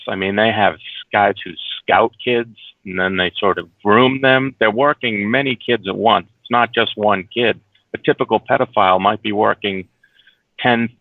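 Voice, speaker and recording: A man's voice: fairly low pitch, no room sound. A man being interviewed as a documentary producer, talking earnestly with frequent restarts and repeated words, heard over a phone. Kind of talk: casual remote interview. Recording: tinny phone line, dry.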